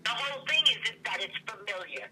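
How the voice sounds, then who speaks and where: An older woman chatting as a podcast guest, an animated storyteller who acts out the quotes in her stories. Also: medium pitch, a little fast. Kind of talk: casual chat. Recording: distant, noisy recording.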